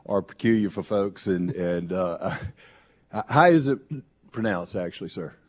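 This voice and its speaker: A man's voice: low voice, expressive, unhurried, no room sound. Georgia-accented congressman, dry close sound. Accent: Georgia, US South. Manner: reads prepared remarks, then jokes easily. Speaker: congressman giving opening statement. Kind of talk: formal hearing statement.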